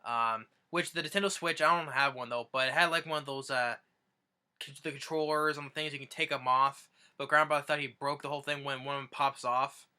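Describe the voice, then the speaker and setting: Bright-voiced man, casual rambly recap host, lots of ums and restarts. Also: medium pitch, fairly even intonation, brisk, clear, resonant tone. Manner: rambling, many restarts and fillers. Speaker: YouTuber.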